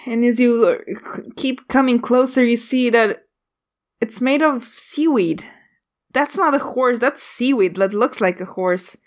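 A woman running a tabletop game as game master, describing scenes haltingly and calling for dice rolls. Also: fairly high pitch.

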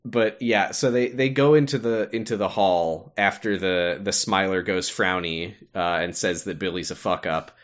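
A man's voice: low-pitched, moderate pace, few pauses. A man co-hosting a podcast, chatting casually and jokingly about a TV episode, with some swearing. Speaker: podcast co-host. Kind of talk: casual chat recapping a TV episode.

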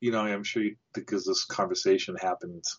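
Low raspy-voiced dude thinking out loud on a podcast, lots of restarts. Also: male voice, fairly even intonation, a little fast, muffled recording. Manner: musing and hesitant, thinks aloud with many restarts. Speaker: podcast co-host. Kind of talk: casual film discussion.

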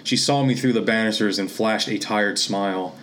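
A man from Pennsylvania reading his own literary fiction aloud in a steady, measured way. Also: lowish voice, a little hiss or hum. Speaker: author and reader.

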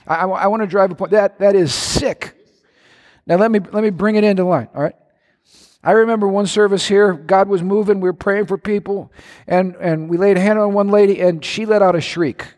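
A male pastor preaching a sermon in a church, animated and emphatic, with sudden bursts of shouting and playful mimicry. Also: sits high, a little fast. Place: church hall. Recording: echoey church hall.

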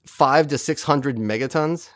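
A man's voice: mid-range voice, measured pace, no echo, clean studio sound. A man co-hosting a podcast, recapping an episode in casual chat and acting out the characters' lines as he goes. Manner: animated, acts out characters' lines while recapping. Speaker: podcast co-host.

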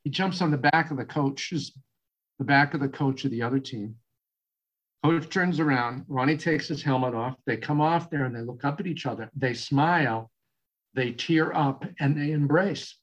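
An older man with a Boston accent tells a story in a relaxed interview, circling back with plenty of fillers and restarts. His voice sits in a middle register, and the audio sounds somewhat dull and muffled. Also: medium pitch, normal speed. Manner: rambling, with many fillers and restarts. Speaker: guest, lacrosse coach.

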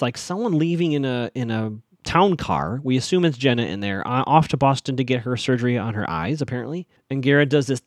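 A man casually recapping a TV episode, acting out the characters' lines in quick voices. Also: mid-range voice, no room sound, studio quality.

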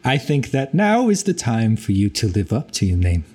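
A man voicing a weary, stony male pirate captain who speaks quietly and in a measured way. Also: mid-range voice, very animated, husky. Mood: grave.

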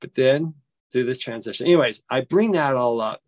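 A man recounts a personal story, jumping up in pitch to act out each quoted line. His voice sits at an ordinary middle pitch, and the recording is close and dry, with no room sound. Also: dry recording. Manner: animated, acts out quoted dialogue with big pitch jumps; halting, with frequent restarts. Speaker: interview guest.

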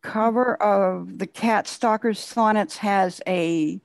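A woman's voice: medium pitch, takes it slowly, creaky, dry recording. A woman speaking as the guest poet on a conference call, patiently explaining with repeated phrases.

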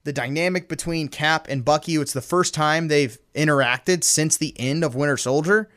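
Young man, podcast co-host, casual chat, excited, slightly high voice, acts out movie lines. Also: normal speed.

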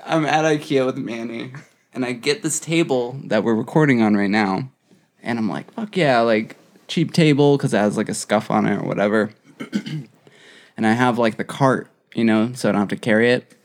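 A man's voice: mid-range voice, steady tone, normal speed. A young man co-hosting a casual podcast chat, telling a story while repeatedly breaking into fits of laughter. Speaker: podcast co-host.

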